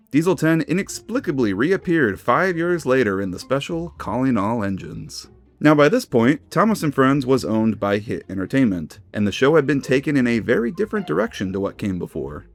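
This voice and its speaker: A man hosting a video essay, narrating in a casual, enthusiastic way. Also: medium pitch. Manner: enthusiastic, animated.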